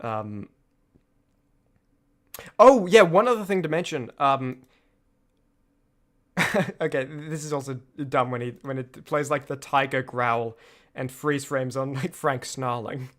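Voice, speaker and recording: A man's voice: medium pitch, slow, long pauses, a bit bright. A man streamer giving loose, laughing commentary on his own videos, full of restarts. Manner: rambling, laughs often, many restarts.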